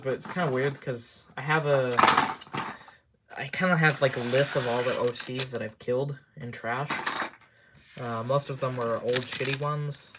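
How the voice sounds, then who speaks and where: A man chatting casually on a live stream, rambling and halting, muttering to himself and trailing off between thoughts. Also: medium pitch, very noisy. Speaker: livestreamer.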